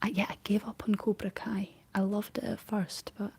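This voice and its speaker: A Scottish woman whispering softly in a rambling ASMR chat, answering her livestream viewers. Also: medium pitch, level tone, normal speed, gravelly, breathy edge, no room sound. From Scotland.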